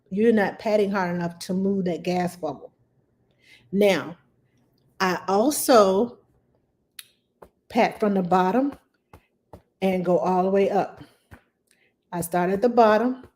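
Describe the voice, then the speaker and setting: A woman's voice: mid-range voice, darkish tone. A middle-aged woman working as a nanny, answering viewers' parenting questions on a live stream in a chatty way, greeting people by name and explaining things step by step. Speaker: nanny giving parenting advice.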